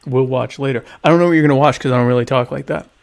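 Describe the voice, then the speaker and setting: Talking very fast with vocal fry in a mid-range voice, a man hosts a casual livestream from home via webcam. The podcast host eats his dinner while rambling in a sarcastic, mock-grandiose way.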